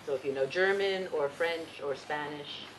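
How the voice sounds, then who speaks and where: Soft-spoken woman leading a song workshop. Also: sits low, normal speed, slight background noise, poor audio. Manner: gentle, patient explaining with fillers. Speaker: Yiddish song leader. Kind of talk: teaching a singing workshop.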